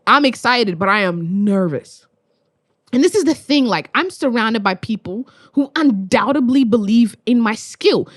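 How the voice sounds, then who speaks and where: Animated young woman poet telling stories. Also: on the high side, measured pace, no echo, studio quality. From Australia. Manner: animated, swears freely, acts out voices in anecdotes. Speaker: spoken word poet, guest. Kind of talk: casual storytelling conversation.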